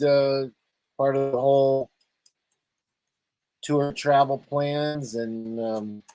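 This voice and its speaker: A talk show host from Los Angeles talks over a video call in a loose, rambling way. He laughs easily and jumps between stories. His voice sits at a middling pitch, and the sound is close and dry with no room. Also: a little mellow, no echo, low-quality recording. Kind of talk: casual video call chat.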